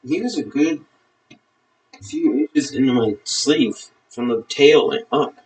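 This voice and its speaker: A man's voice: medium pitch, drawn-out words, pauses often, dry recording, recorded from a distance. A man chatting casually on a live stream, amused, talking to his pet snake as he handles it.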